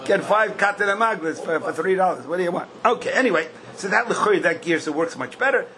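Older teacher, slightly high voice, singsong questions, sudden emphatic bursts, faint background hiss. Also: male voice, animated, quick pace, bright, forceful tone, rough recording. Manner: questioning singsong, bursts of emphasis, Yiddish-style Hebrew terms. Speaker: Talmud teacher. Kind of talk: Talmud class lecture.

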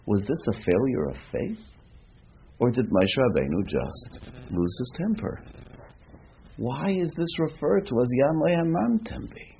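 A man teaching a lively Torah class as a rabbi, asking rhetorical questions and mixing in Hebrew terms. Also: medium pitch, unhurried, creaky, breathy edge. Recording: dull lo-fi recording with faint noise.

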